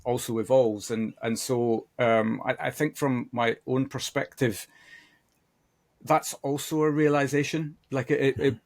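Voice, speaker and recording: Halting, thoughtful British-raised man. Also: mid-range voice, fairly even intonation. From United Kingdom. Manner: thoughtful, halting, many restarts. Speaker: podcast guest. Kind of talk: reflective conversation.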